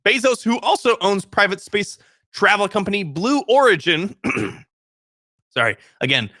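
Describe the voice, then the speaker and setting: A man's voice: sits high, very animated, a little slow, sharp tone, dry recording, studio quality. A young man co-hosting a casual morning talk show, joking and laughing often and stumbling over his words. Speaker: co-host. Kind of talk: casual chat.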